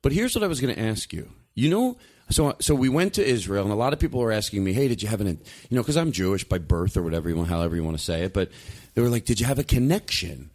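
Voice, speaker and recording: A man hosting a podcast, telling stories in a rambling, animated way with lots of restarts. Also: lowish voice, fast, few pauses. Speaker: podcast host. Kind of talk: casual storytelling chat.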